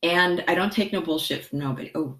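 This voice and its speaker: A middle-aged woman with a low voice chats to her viewers in an excitable, goofy, rambling way. She speaks as a therapist, direct and informal. The sound is roomy, with plenty of echo around her. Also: brisk. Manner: excitable, chatty, self-described goofball. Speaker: therapist vlogger. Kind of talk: casual vlog talking to viewers and live chat.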